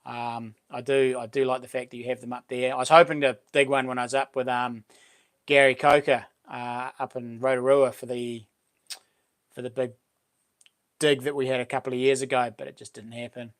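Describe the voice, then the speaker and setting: A man's voice: medium pitch, little pitch movement, moderate pace. A middle-aged man with a New Zealand accent hosting a casual live stream, greeting viewers by name in a chatty way. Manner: chatty, reads out viewer names and greets them warmly. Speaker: livestream host.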